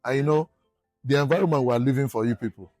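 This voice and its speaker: A man's voice: medium pitch, fast, darkish tone, no echo, soft background music. A Nigerian man answering an interview question loosely, with many "you know"s.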